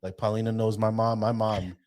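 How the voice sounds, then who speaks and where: Speaking fairly quickly in a lowish voice, this male podcast co-host chats casually. He's animated, opinionated and blunt, swearing a lot.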